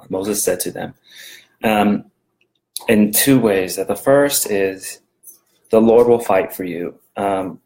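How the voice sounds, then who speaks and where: A man's voice: on the low side, darkish tone, low-quality recording. A man giving a casual daily Bible verse talk from home, rambling and conversational, with many fillers and restarts. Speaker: devotional video host.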